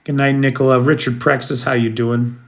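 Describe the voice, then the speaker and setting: American guy doing a chill live stream, just saying hi to folks in the chat, easygoing voice, middle pitch. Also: a little fast. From United States. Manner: relaxed, chatty, greets viewers by name. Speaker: livestream host. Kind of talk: casual live chat, answering viewers.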